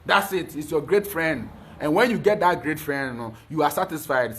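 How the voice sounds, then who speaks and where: A man with a high voice delivers a fervent spiritual talk. He lectures emphatically and keeps stumbling over repeated fillers before pushing on. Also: expressive, moderate pace, fairly bright tone. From Ghana. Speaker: spiritual teacher.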